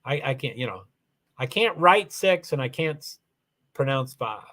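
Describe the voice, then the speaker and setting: A man hosting a casual livestream, rambling through viewer comments and software settings with many restarts. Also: mid-range voice, animated, moderate pace. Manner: rambling, repeats "allegedly", frequent restarts. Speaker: livestream host.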